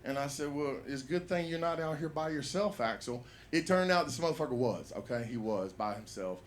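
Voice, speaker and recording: A man's voice: on the high side, lively intonation, a little fast. A man telling a rambling, profane stand-up story at an open mic in a comedy bar.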